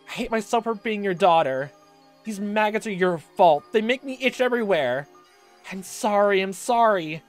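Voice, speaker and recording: A guilt-ridden girl spirals into hysterical delusion, pleading shrilly and frantically, as a player reading a visual novel aloud puts her on. Her voice is pushed high above the reader's usual voice and comes out loud and strained, with faint game music underneath. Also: close to an everyday voice.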